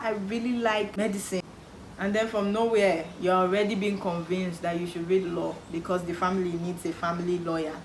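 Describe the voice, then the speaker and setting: A young Nigerian woman with a Nigerian accent, giving casual advice to camera and acting out what relatives say with emphatic repetition. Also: mid-range voice. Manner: animated, acts out quoted relatives, emphatic repetition. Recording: echoey room with faint background noise.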